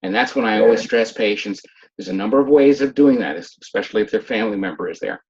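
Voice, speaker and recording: A man's voice: on the low side, lively intonation, quick pace, darkish tone. A man who works with hearing-aid patients gives an informal lecture and acts out patients and their families as he talks. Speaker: hearing specialist teaching a class. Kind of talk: informal lecture with acted examples. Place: online video session. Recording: dull muffled video-call audio.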